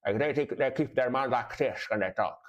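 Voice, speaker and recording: A man's voice: mid-range voice, fairly quick. A man reacting to music on a live stream, casual and rambling, with many fillers and repeated words.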